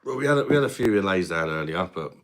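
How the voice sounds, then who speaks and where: A fast-talking Englishman in his thirties with a low voice and lively intonation runs a casual live stream from his mum's house. He chats in a matey way, replying to comments and saying viewers' names out loud.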